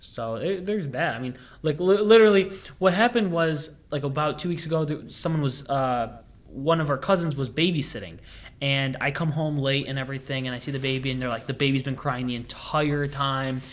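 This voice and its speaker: A man's voice: on the high side, fairly quick. A young man hosting a casual chat, rambling and goofy, full of fillers and restarts. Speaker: podcast host.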